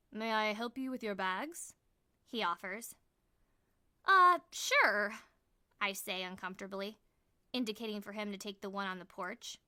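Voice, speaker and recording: A woman narrating an audiobook in the first person, reading in an expressive, measured way. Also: mid-range voice, dry recording.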